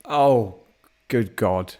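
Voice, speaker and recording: A man's voice: lowish voice, drawn-out words, warm tone, slight background noise. A man co-hosting a podcast, playful and giggly in casual chat. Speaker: podcast co-host.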